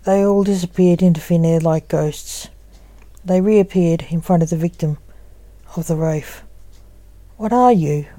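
A woman reading a gothic story aloud as narrator, in an even, unhurried manner. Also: fairly low pitch, no room sound.

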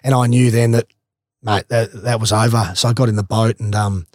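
A man, a former footballer, telling a swimming story in a casual, animated way, swearing freely and laughing as he goes. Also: lowish voice, fairly quick, no echo, studio quality.

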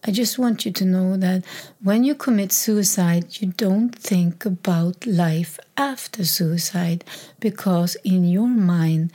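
A native Swedish-speaking woman with a Swedish accent gives personal testimony, her fairly low voice strained and emotional. She speaks haltingly, restarts often, and slips into a soft whisper.

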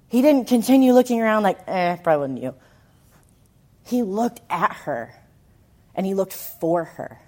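A woman preaching a sermon, telling the story in an animated way, with emphatic lines that swing from loud to hushed. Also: medium pitch.

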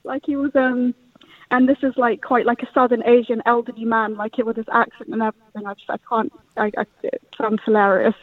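A man's voice: extremely high pitch, level tone, a little fast, no room sound. Man, rambling storyteller, dry tinny phone-line sound. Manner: rambling, many fillers and restarts. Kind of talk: casual storytelling.

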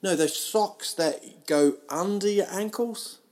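A man rambling through a comic monologue, mocking himself and jumping into loud, silly voices. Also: sits high, takes it slowly. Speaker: comedian doing a solo audio show.

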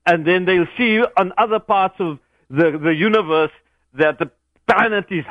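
Male radio caller, high voice, passionate and rambling, muffled dry phone sound. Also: moderate pace, no room sound. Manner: impassioned, rambling political argument. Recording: dull dry phone-in audio.

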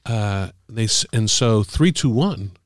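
A man, middle-aged or older, an author telling stories about the craft of writing in a casual, halting way with many fillers. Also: lowish voice, lively intonation, no room sound, clean studio sound. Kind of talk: casual conversational storytelling.

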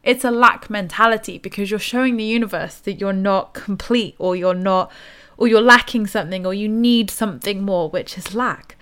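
A woman's voice: mid-range voice, moderate pace, a bit bright, smooth. A young woman giving a casual motivational talk on spirituality, chatty and enthusiastic. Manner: chatty, enthusiastic, acts out quoted voices. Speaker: spiritual author and podcast host.

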